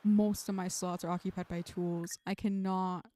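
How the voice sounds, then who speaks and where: A woman's voice: fairly low pitch, level tone, normal speed, dark tone. A woman streamer chatting casually through gameplay, muttering to herself and swearing now and then.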